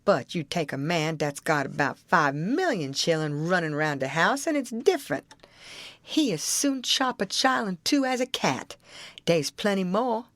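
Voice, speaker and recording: A woman's voice: fairly low pitch, big pitch swings, a little slow, a bit bright, dry recording. A woman reading an audiobook, voicing a stubborn, argumentative grown man with an insistent folksy drawl.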